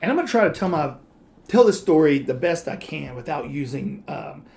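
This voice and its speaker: A man's voice: fairly high pitch, big pitch swings, gravelly, a little mellow. Teasing man co-hosting a podcast. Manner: joking, teasing, quick asides. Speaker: podcast co-host. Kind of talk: casual chat, storytelling.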